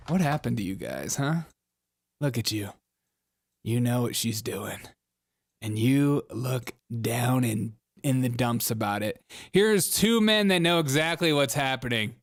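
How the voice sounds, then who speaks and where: A man's voice: mid-range voice, animated, unhurried, vocal fry. A man hosting a political commentary show, mocking and sarcastic, laughing at his own jokes. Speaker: show host.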